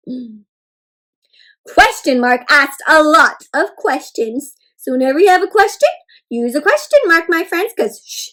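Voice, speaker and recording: High-voiced woman reading to kids. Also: a little slow, pauses often. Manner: animated, teacherly, prompting kids to join in. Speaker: children's storyteller and teacher. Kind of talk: interactive read-aloud for kids.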